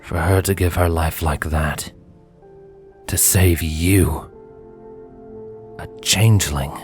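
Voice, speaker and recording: A cruel, half-mad stallion swordsman, voiced by a man speaks in a deep, slow voice full of quiet menace. His low gloating fits a dark storybook reading. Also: fairly even intonation, faint music behind. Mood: stunned.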